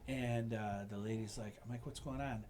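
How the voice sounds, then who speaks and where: A man's voice: mid-range voice, steady tone, moderate pace, darkish tone, a little hiss or hum. Rambling Chicago man telling stories. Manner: rambling storyteller, lots of "you know what I mean". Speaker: podcast host. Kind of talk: casual chat.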